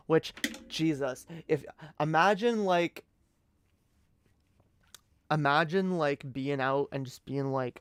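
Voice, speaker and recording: A young man with a somewhat high, smooth voice rambles through a late-night stream story. He swears freely and keeps tripping into restarts, and the sound is dry and close. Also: fairly even intonation, slow pace, dry recording. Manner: rambling, profane, many restarts.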